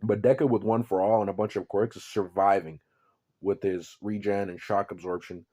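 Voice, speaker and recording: A man's voice: fairly low pitch, fairly even intonation, normal speed, mellow. A man telling an improvised fan-fiction story in a rambling, profane, offhand way.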